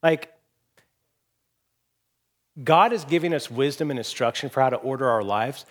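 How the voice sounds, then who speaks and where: A pastor in his forties preaches a sermon from a church stage, telling a story in an animated, rambling way with frequent restarts. His voice is mid-range, and he speaks at a normal speed.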